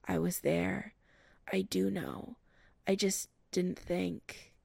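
A woman voicing a soft-spoken young man in a low, half-whispered voice. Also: steady tone, slow pace, creaky, no echo, heavily acted. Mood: hushed.

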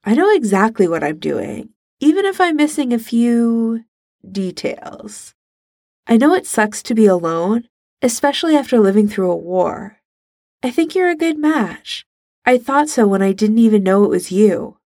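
A woman voicing a bold, teasing young woman, her lines pitched higher than her narration, in a fan fiction reading. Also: very animated, a little slow, a little mellow, no echo, studio quality, exaggerated voice. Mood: earnest. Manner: teasing and emphatic. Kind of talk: fan fiction read aloud.

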